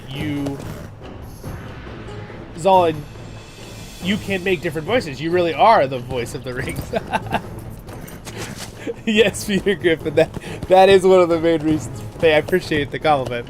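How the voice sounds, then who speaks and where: A man hosting a casual game livestream, chatty and laughing, reading out chat messages, with a stuffed-up nose. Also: a little high. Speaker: livestream host.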